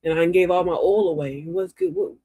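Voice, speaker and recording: A woman's voice: on the low side, big pitch swings, brisk, gravelly, dark tone, husky, no echo. An older woman hosting a live stream, giving a folksy, preachy, uplifting talk straight to her chat viewers.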